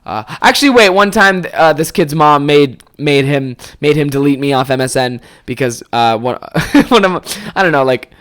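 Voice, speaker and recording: A man's voice: fairly high pitch, animated, moderate pace, fairly bright tone. A man in his twenties telling rambling anecdotes on a podcast, swearing freely and full of fillers. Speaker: podcast host. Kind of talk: casual storytelling.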